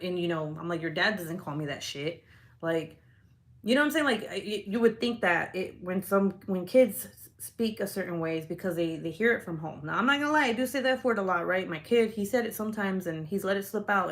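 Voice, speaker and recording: A young woman vlogger tells a story straight to her viewers in a fired-up, profane way. Her voice sits a little low for a woman, and she keeps reaching for "like" between phrases. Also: animated, brisk. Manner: heated, profane retelling with many "like" fillers. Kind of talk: casual storytelling to camera.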